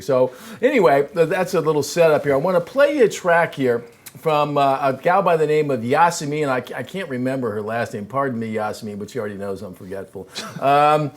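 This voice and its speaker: A man hosting an interview show, talking casually with fillers and restarts as he sets up questions and tracks. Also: medium pitch. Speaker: host.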